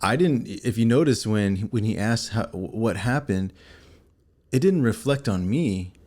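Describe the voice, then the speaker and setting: Middle-aged male co-host, lower voice, easygoing scripture teacher who laughs a lot. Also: lively intonation, a little slow, a little mellow. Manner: conversational, teaching, laughs often. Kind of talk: faith-based casual chat.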